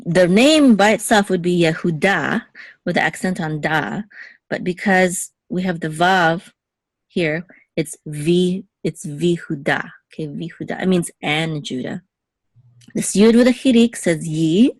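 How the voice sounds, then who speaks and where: A woman whose voice sits notably low guides a single student through Hebrew letters and vowels in patient, careful steps, checking in often with a short "okay?" It's a dry, close recording with no sense of the room.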